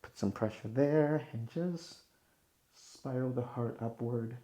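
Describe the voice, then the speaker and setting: A young man guiding a yoga session in a relaxed, playful way, with jokes between calm breathing cues. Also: medium pitch, slow pace. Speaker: vlogger leading a yoga session. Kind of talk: guided yoga instruction, casual vlog chat.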